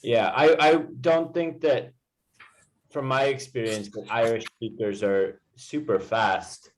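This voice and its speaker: A man's voice: medium pitch, steady tone, slow. A man with a standard American accent, patiently explaining pronunciation in a one-to-one English lesson, with frequent fillers. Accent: General American. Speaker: English teacher.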